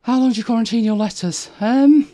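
A woman vlogger chats casually on a live stream, laughing often and shifting into a high, sing-song voice whenever she addresses her dog. She talks briskly, with a dark tone.

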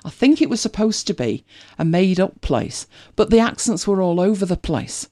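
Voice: mid-range voice, very animated, normal speed, darkish tone. A host with a British accent, chatting casually and rambling with many restarts. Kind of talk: casual chat.

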